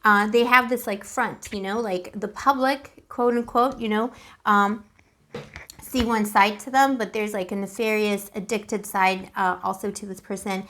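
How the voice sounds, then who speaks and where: A woman's voice: mid-range voice, fairly even intonation, measured pace, fairly bright tone. A woman giving a casual, chatty tarot reading to camera. She is emotional and keeps calling the listener boo. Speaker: tarot reader.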